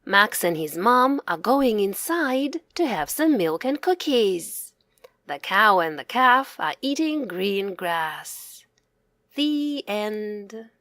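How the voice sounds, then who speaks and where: Woman reading a kids' story super slow, sing-songy lively voice, dry close sound. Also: medium pitch, no echo. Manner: slow, expressive, sing-song storytelling for children. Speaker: storybook reader and author. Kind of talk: children's story read-aloud.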